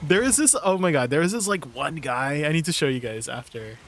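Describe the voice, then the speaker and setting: A man's voice: on the high side, expressive, fairly quick, fairly bright tone, faint music behind. Playful male streamer chatting with viewers. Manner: playful, laughs often, talks to chat. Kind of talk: casual live-stream chat with viewers.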